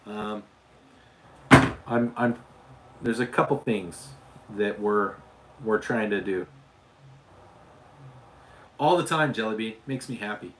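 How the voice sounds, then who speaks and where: A man's voice: on the low side, slow pace, pauses often, a bit bright, a little hiss or hum. A man from Utah hosting a casual livestream, chatting with viewers and often restarting and repeating his words. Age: adult father. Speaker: livestream host.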